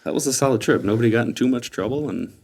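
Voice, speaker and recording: A man's voice: mid-range voice, very fast, gravelly, a little mellow, slight background noise. A man hosting a podcast, telling stories in casual chat and laughing often. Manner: laughing storyteller.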